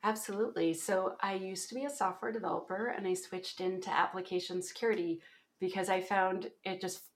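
A woman's voice: mid-range voice, gravelly. A woman in her forties with a Canadian accent, a guest telling her career story in a chatty, laughing way. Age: 40s. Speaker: guest, application security author. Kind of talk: casual interview chat.

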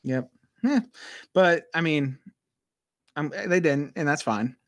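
A man co-hosting a casual chat, talking in an animated way with lots of filler words. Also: on the high side, takes it slowly, dry recording. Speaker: podcast co-host. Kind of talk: casual chat recapping a TV episode.

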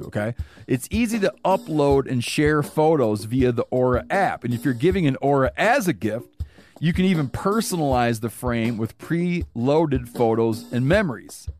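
Podcast host guy chatting and reading ads, easygoing, bit of music in the back. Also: mid-range voice. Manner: relaxed, chatty, reads ads conversationally. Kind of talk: casual chat and host-read ad.

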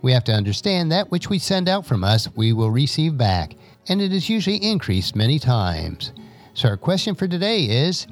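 An older man hosting a scripted advice podcast in a measured, preachy manner. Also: on the high side, very animated, soft background music. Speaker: podcast host.

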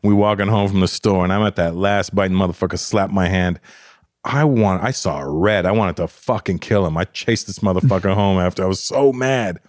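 A man with a fairly low voice tells a story in a blunt, profane way that heats up as he goes. His mic sounds dry and close, with no room echo. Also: a little fast. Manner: blunt and profane, gets worked up. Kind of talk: casual conversation.

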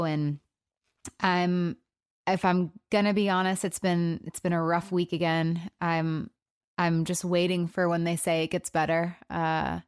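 A woman hosting her own podcast alone, speaking in an emotional, subdued way, halting, with many fillers and restarts. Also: on the low side, clear, resonant tone, no room sound, studio quality. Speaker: podcast host. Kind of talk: personal solo podcast talk.

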